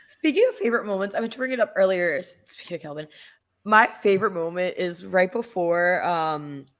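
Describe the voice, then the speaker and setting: Lady with kinda low voice gushing about a show, acts out the lines. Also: a little fast. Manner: animated, acts out quotes from scenes. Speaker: podcast co-host. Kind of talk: casual chat reviewing a TV show.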